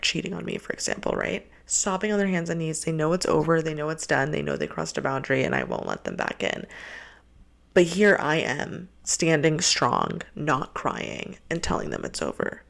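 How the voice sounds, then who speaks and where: A woman's voice: sits low, sing-song, moderate pace, gravelly. A young woman hosting a casual relationship-advice monologue, talking bluntly and ranting with plenty of swearing. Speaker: host.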